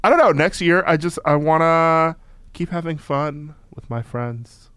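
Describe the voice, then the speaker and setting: A man's voice: a little high, measured pace, fairly bright tone, clean tone, dry recording. A man co-hosting a podcast in a studio, teasing and sarcastic in casual chat. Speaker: podcast co-host.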